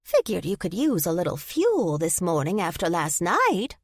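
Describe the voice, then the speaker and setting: A woman's voice: fairly low pitch, wildly swooping pitch, dry recording, studio quality, full character voice. A woman voicing a nosy, teasing old woman who drawls her words slyly. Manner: teasing, drawn-out and sly.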